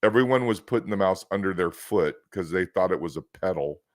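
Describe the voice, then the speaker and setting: West coast guy hosting a chat show, lowish voice, kinda rambly, dry close sound. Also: lively intonation, fairly quick, no echo. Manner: rambling, chatty storyteller with many restarts. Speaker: host. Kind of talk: casual podcast chat.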